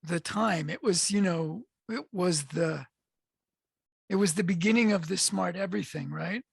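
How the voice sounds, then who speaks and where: Very gravelly, husky male podcast host. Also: high-pitched, dry recording, studio quality. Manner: rambling, halting questions. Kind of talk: casual interview.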